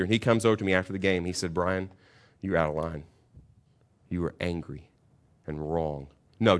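This is a low-voiced, middle-aged man preaching as a pastor; his storytelling sermon swings from calm instruction into loud bursts.

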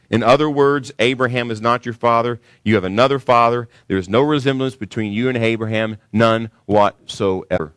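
A man's voice: medium pitch, moderate pace, few pauses, a bit bright, clean tone, no echo. A man pastor delivering a sermon to his congregation, preaching emphatically and rising sharply when he stresses a point.

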